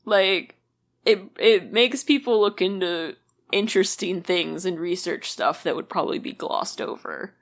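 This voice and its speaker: A woman's voice: lowish voice, a little slow. Woman casually telling a ghost story. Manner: conversational storytelling with many fillers and "like". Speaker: podcast co-host.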